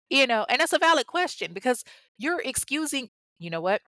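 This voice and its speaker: A woman casually telling a true crime story, animated and chatty, drifting into tangents and casual swearing. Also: sits high, a little fast, dry recording. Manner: animated and chatty, acts out the people she quotes.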